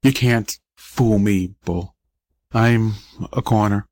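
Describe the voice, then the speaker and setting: Guy reading a weak little dying kid, soft whispery halting lines, dry close sound. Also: mid-range voice, no echo, lightly acted. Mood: weak, tender. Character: dying young boy, weak, brave, faintly cocky.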